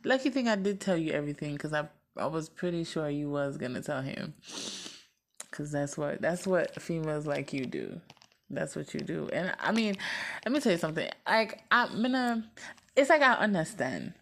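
A woman's voice: low-pitched, lively intonation, normal speed, gravelly. A woman venting to the camera in a casual, blunt and profane way, often repeating herself and laughing.

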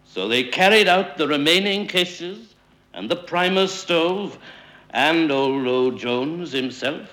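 A man reads a tale slowly and grandly, letting each phrase roll. His voice is bright and forceful, and it rises and falls through a wide, lively range. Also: fairly high pitch. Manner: rolling, sonorous, deliberate delivery. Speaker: narrator. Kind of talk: dramatic storytelling reading.

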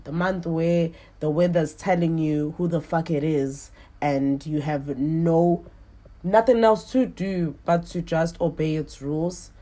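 A woman's voice: sits low, slow, dark tone. A woman hosting a podcast, chatting in a rambling, playful way. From South Africa. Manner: rambling, playful, laughs often. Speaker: podcast host. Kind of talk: casual podcast chat.

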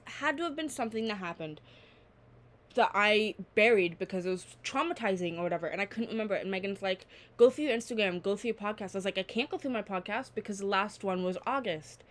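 A woman's voice: mid-range voice, fairly quick. A nineteen-year-old woman hosting her own podcast, chatting alone in a rambling, candid way and swearing freely. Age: late teens. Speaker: podcast host. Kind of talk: casual solo podcast chat.

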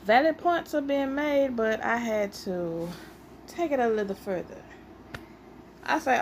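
A woman hosting a casual solo podcast, telling stories in an animated, playfully argumentative way and sounding a little out of breath. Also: on the high side, moderate pace, vocal fry, a little hiss or hum. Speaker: podcast host.

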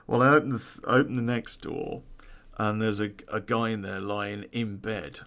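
A man's voice: fairly low pitch, moderate pace, creaky, fairly bright tone. A man, telling a true-crime story in a casual, profane way and laughing at his own story.

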